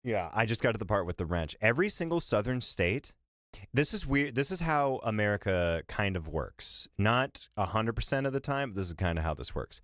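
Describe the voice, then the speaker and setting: A man chatting on a live stream while reacting to a video, rambling, profane and animated. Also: fairly low pitch, normal speed, no echo, clean studio sound.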